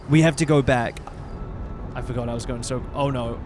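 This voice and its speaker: A man commentating his own playthrough of a game, excitable, swearing often and reacting loudly. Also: medium pitch, moderate pace, music in the background. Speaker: streamer playing a game. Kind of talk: let's play commentary.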